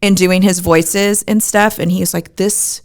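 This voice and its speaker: A woman's voice: on the low side, steady tone, moderate pace. A woman co-hosting a podcast, chatting casually in a rambling way with lots of "like". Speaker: podcast co-host. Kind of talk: casual chat about a film.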